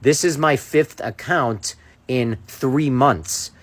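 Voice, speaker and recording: A man's voice: mid-range voice, slow. A man, a social media creator, ranting to camera in an indignant, sarcastic way and repeating his challenges.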